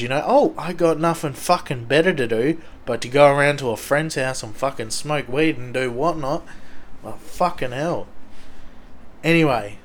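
A young Australian man telling a rambling, swear-heavy story from his school days in a casual way. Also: medium pitch.

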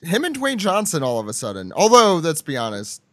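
Male host, lively casual recap talk, slightly high voice. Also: brisk, no echo. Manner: animated, joking, reads character lines aloud. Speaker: podcast host. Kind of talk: casual chat recapping a manga chapter.

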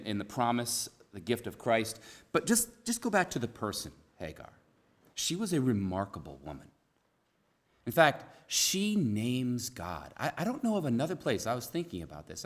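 A man preaching a conversational sermon, earnest, repeating key phrases and dropping to a soft hush for emphasis. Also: medium pitch.

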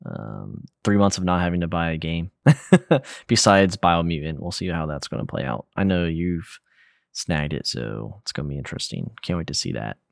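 Young male podcast co-host, very low voice, relaxed rambling delivery, dry room. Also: moderate pace, gravelly, no room sound. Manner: relaxed, rambling, lots of fillers and slang. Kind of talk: casual gaming podcast chat.

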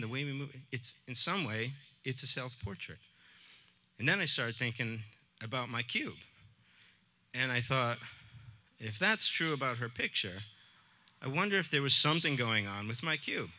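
A man's voice: medium pitch, sharp tone. A man, a teacher, telling a personal story to a live audience in an earnest, conversational way. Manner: earnest, conversational, with quoted dialogue.

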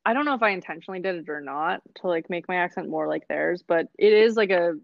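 A woman's voice: lowish voice, fast talker, creaky, dry recording, highs cut off. A young American woman chatting casually with friends, full of fillers. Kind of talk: casual chat.

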